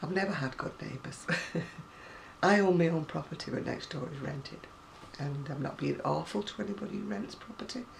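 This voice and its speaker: A woman's voice: deep voice, animated, normal speed, gravelly, a little hiss or hum. A middle-aged woman, chatting to camera in a rambling, storytelling way with ranting asides. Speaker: crafting vlogger. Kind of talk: casual chat to camera.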